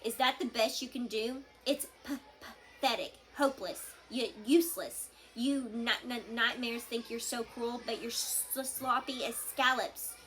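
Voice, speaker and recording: A woman's voice: on the high side, fairly even intonation, a little slow, a bit bright. Woman doing a stuttering grumpy little dragon. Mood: jeering.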